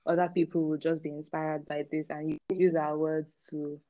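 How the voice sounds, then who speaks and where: A young woman with a very low voice speaks on a podcast, soft and unhurried. The sound is a little dull, and she stops often on "um". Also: flat delivery. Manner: soft, hesitant, many "um"s. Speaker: podcast guest. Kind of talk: casual chat and spoken prayer.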